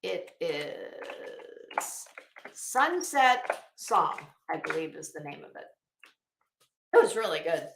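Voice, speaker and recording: A woman's voice: lowish voice, sing-song, slow, gravelly, pauses often, echoey room, background noise. A woman streamer doing casual commentary, chatty and sassy, talking straight to the people she discusses. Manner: chatty, sassy, addresses people directly with asides and laughs.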